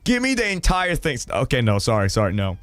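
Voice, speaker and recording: A young man hosting a stream, reading viewer stories aloud in a loud, excitable way, swearing and laughing. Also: medium pitch, brisk, dry recording. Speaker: streamer host.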